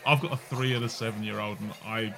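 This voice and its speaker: A man hosting a podcast, joking around and swinging between loud outbursts and quiet asides. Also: on the low side, fairly even intonation, quick pace, creaky. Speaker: podcast host. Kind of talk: casual chat. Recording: noisy background.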